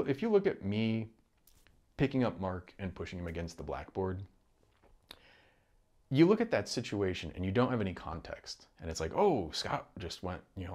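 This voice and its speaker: Low-voiced man musing aloud. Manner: rambling, halting, many restarts and profanity. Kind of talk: casual monologue. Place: home room.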